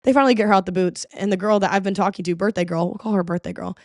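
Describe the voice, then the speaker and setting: A woman hosting a podcast in casual chat, telling stories in an animated way. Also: mid-range voice, very fast, no echo, studio quality. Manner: animated storytelling with quoted voices. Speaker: podcast host.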